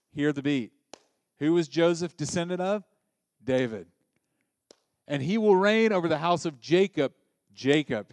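A man preaching a sermon in a conversational, joking way, breaking into loud emphatic bursts. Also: on the high side, smooth, dry recording. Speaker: pastor.

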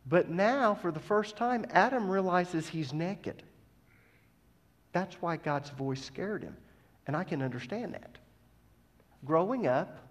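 A man with a slightly high voice preaches a sermon. His delivery is emphatic and swings from loud, stressed points to quiet asides. His voice carries a long hall reverb, as in a church sanctuary. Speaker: preacher teaching scripture.

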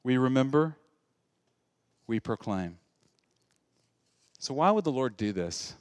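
A male pastor delivering a sermon, his voice rising with energy and then falling to a hush. It is a middle-pitched voice with a close, dry sound and no room echo. He preaches directly to his congregation. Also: slow. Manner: animated preaching that shifts between loud and hushed.

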